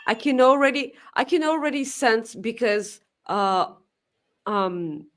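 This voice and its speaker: A woman's voice: fairly high pitch, expressive, slow pace. A woman co-hosting a casual wrestling preview show, downbeat and blunt, swearing casually. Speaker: podcast co-host.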